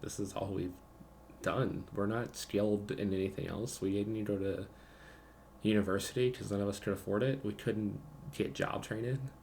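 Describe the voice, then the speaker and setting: Male GM as a young woman sellsword, gravelly, low, resigned. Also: fairly even intonation, normal speed, a little mellow, slight background noise. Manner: resigned, pleading. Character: young scarred woman mercenary, weary.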